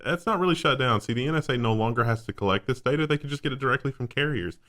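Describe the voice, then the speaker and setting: A man's voice: mid-range voice, lively intonation, rapid-fire, fairly bright tone. A man co-hosting a casual tech news show, explaining stories in a sardonic way.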